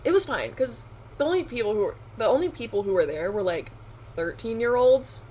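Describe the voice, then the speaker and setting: This is a young woman co-hosting a casual podcast. She talks in a chatty way, full of quick asides and laughter. There is faint ambient noise behind her. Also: fairly high pitch, lively intonation, a little mellow. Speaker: podcast co-host. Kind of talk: casual chat.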